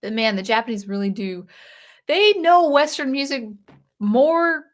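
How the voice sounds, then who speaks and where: A woman's voice: fairly high pitch, expressive. Rambling woman chatting on a livestream. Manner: rambling, halting, with frequent restarts and fillers. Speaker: livestream host of an electronic music channel. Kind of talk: casual livestream chat reading viewer comments.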